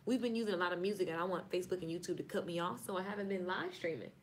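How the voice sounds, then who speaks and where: Speaking very fast in a lowish voice, a woman with a Southern US accent chats playfully about marketing on her live stream. She's chatty and repeatedly signs off.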